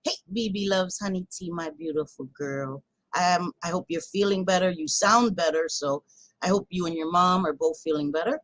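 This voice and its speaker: A woman's voice: fairly low pitch, moderate pace, dry recording. A woman hosting a casual livestream, hyper and profane, greeting viewers with pet names. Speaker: livestream host.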